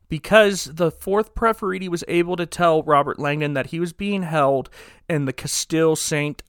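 A man casually recapping a movie plot on a podcast, rambling and joking with quick asides. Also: a little high, a bit bright, no room sound, studio quality. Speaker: podcast co-host recapping a film.

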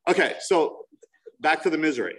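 A man's voice: on the high side, expressive, normal speed, fairly bright tone, far from the mic, poor audio. A man in his forties from New Jersey shares his recovery story at a meeting. He speaks candidly and mocks himself with wry humor. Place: meeting room.

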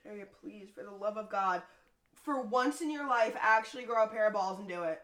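A woman's voice: medium pitch, a little fast, fairly bright tone. A young woman co-hosting a podcast in casual chat, pushy and insistent, swearing a lot. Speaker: podcast co-host.

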